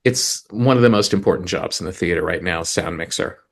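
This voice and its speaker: A man's voice: low-pitched, fairly quick, vocal fry. A man co-hosting a chat about songwriting, eagerly explaining craft and reading lyrics aloud with rhythm. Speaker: podcast co-host, lyricist.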